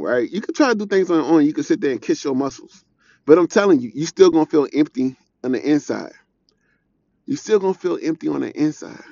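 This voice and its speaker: A man's voice: on the high side, creaky, warm tone, lo-fi sound. Earnest man preaching in a casual way. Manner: earnest, repetitive, conversational. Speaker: devotional speaker. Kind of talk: informal preaching.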